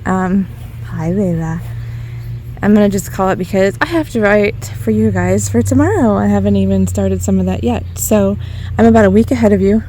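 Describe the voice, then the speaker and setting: A chatty woman from Ohio narrates her backyard stone work into a handheld camera, a little out of breath. Her voice is mellow and darkish. A faint outdoor hum sits behind her. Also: medium pitch, moderate pace. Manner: chatty, self-deprecating, laughs often. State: out of breath from heavy yard work. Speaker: DIY garden vlogger. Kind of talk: casual vlog narration while working outdoors.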